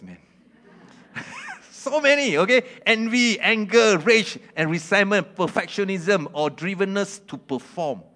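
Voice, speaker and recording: Male preacher, kinda high voice, keeps asking the crowd questions and laughing, broken grammar. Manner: animated, asks the audience questions, laughs often. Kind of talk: sermon.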